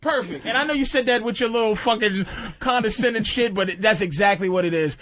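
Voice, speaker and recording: A man with a high, lively voice tells bawdy tales on a radio show. He mimics the voices of people from his stories. The sound is dull like an old broadcast. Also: quick pace. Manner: storytelling, acts out voices of women he met. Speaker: comedian guest. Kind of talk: casual crude radio banter.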